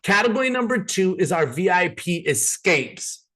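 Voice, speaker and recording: A man's voice: high voice, very animated, normal speed, bright, forceful tone. A man giving an upbeat, persuasive sales presentation to a live group.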